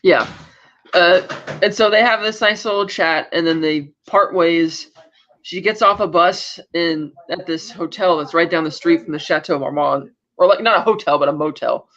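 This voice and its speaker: A podcast co-host with a fairly high, fairly bright voice talks at a normal speed, recapping an episode in loose conversation. He rambles, restarting sentences and saying "like" a lot. The recording sounds dull and lo-fi.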